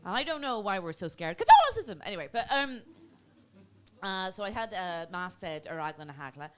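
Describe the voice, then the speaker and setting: Lively Belfast woman doing stand-up. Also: normal speed, smooth. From Northern Ireland. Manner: chatty, teasing, self-mocking, bursts of high put-on voices. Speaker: stand-up comedian. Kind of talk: stand-up comedy set. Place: comedy club stage.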